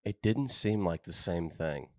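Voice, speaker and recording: A man co-hosting a casual podcast chat, telling jokey stories in an animated way. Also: deep voice, a little slow, no room sound, clean studio sound. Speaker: podcast co-host.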